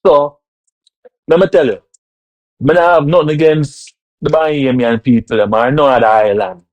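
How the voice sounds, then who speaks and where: A laid-back man from Jamaica who speaks broad Jamaican Patois, warm and mellow in tone. He rambles in a relaxed rant and keeps checking that the listener is following him. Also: a little high, normal speed, dull audio. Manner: laid-back, keeps asking "you see me". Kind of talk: casual TikTok rant.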